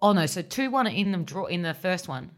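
A woman's voice: fairly low pitch, big pitch swings, fairly quick. A woman co-hosting a sports chat podcast, blunt and playful, laughing often. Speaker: podcast co-host. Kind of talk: casual chat.

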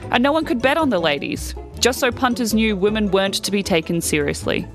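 A woman reading a children's story aloud in a lively way, acting out the characters' lines. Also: medium pitch, a little fast, faint music behind.

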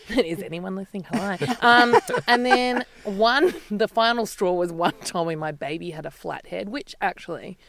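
A woman's voice: medium pitch, moderate pace, gravelly, a bit bright. A woman guest on a parenting panel, bubbly and rambling as she tells personal stories. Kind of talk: casual storytelling chat.

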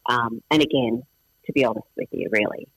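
Man, Australian accent, Farsi native speaker, middle-aged, chatty interview guest, bright voice, dry close sound. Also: medium pitch, a little fast, vocal fry, husky, dry recording, rough recording. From Iran. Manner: chatty, self-deprecating, frequent restarts and fillers. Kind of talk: casual interview chat.

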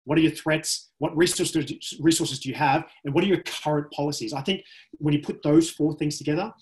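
A man's voice: fairly high pitch, steady tone, fairly quick. A male podcast co-host with a slightly raised voice, talking through ideas at length. He reads definitions aloud in a casual discussion.

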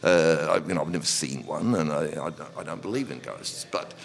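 A middle-aged man, a pub owner, telling stories in a relaxed, rambling way with frequent restarts and laughs. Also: very deep voice, fairly quick, creaky. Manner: rambling, repeats words and restarts, laughs often. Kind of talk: relaxed storytelling. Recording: long reverb.

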